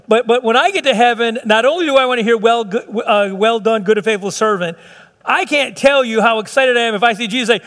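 A pastor delivers a sermon to his church. His voice sits high, and he preaches in a fervent, conversational way, circling back with repeated phrases and restarts. A long reverb trails his words through the sanctuary. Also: fairly quick, fairly bright tone.

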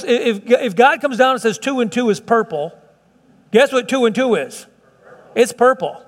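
A man's voice: high-pitched, big-room sound. A man preaching a sermon as pastor, talking in a folksy, conversational way with repeats and asides.

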